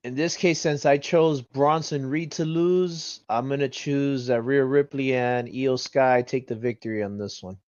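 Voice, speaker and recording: A man gives his wrestling pick at an unhurried, halting pace, pausing on fillers. His voice is smooth and clear but sounds dry and dull, as if it comes through lo-fi remote audio. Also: mid-range voice, fairly even intonation, darkish tone, dry recording. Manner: slow and hesitant, with fillers. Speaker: podcast panelist. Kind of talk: casual wrestling predictions chat.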